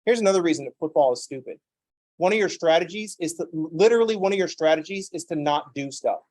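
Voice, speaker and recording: A man's voice: fairly high pitch, animated, quick pace, darkish tone, no room sound, poor audio. A man teaching a math class, talking emphatically and drifting into self-deprecating stories. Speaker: math instructor. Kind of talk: lecture with digressive anecdotes.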